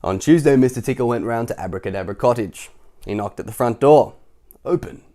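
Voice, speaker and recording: A man's voice: medium pitch, fast, dark tone. A man reading a children's picture book aloud, chuckling and adding chatty asides for young listeners. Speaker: storytime reader.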